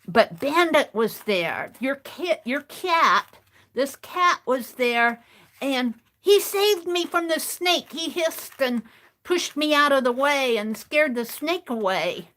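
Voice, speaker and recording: A woman's voice: sits high, lively intonation, slow, fairly bright tone, heavily acted. Woman putting on a tiny gnome girl voice. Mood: breathless. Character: tiny shy gnome girl, art-loving child.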